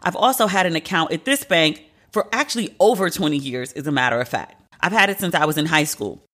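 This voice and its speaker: Woman, late 30s, solo podcast host, bright sharp tone, casual profane storytelling, exasperated. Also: deep voice, animated, fairly quick.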